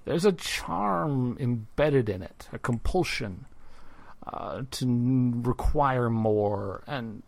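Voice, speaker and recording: Gravelly, lively game master man. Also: mid-range voice. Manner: playful, halting, many restarts. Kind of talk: narrating a tabletop game.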